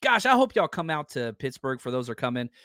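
A man's voice: medium pitch, sing-song, fairly quick, fairly bright tone, no room sound, studio quality. A man hosting a live sports fan podcast, talking with enthusiasm and gratitude and reading listener comments aloud. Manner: enthusiastic, grateful, reads chat comments aloud. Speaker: podcast host.

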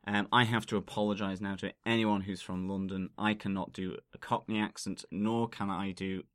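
A man's voice: on the low side, flat delivery, moderate pace, fairly bright tone, smooth, dry recording, studio quality. A man co-hosting a podcast, talking casually with lots of ums and easy laughs. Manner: chatty, full of ums, laughs easily. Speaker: podcast co-host. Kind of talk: casual podcast intro chat.

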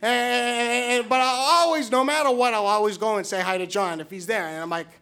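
A middle-aged man telling a live story, excitable, stumbling over repeated words. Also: very high-pitched, fairly quick. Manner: excited, stammering repetitions.

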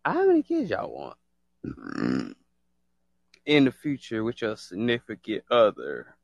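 Gravelly, lively man hosting a live stream. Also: on the low side, slow, no echo, highs cut off. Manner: laughs a lot, excitable, slangy. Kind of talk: casual live stream chat.

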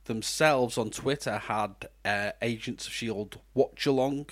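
A man's voice: mid-range voice, slow pace, fairly bright tone. A man co-hosting a podcast, chatting enthusiastically about films and TV, often restarting sentences. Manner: enthusiastic, rambling with restarts and laughs. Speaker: podcast co-host. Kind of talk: casual chat.

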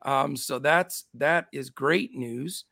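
A man's voice: mid-range voice, takes it slowly, creaky, no room sound, studio quality. A middle-aged man with a scratchy voice hosting a casual sports betting show, upbeat as he greets his chat. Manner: upbeat, shouts out chat names. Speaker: show host.

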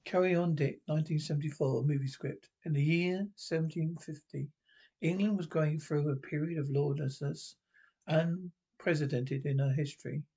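A man's voice: a little high, fairly even intonation, normal speed, mellow, slightly rough. A man reading a film script aloud in a plain voice, with occasional slips and asides. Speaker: script reader.

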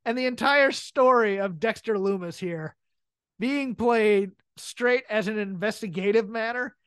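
A podcast co-host with a clean, highish voice speaks a touch slowly, recorded dry. She and her co-host casually discuss wrestling comedy, and she laughs often as she walks through the scenes.

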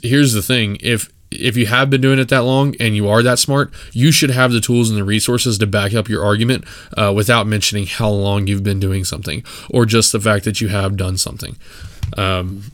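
A man's voice: on the low side, fairly bright tone, no room sound, clean studio sound. A man from West Texas, hosting a solo podcast, giving his opinions bluntly with many fillers and restarts. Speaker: podcast host. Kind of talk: casual solo podcast monologue.

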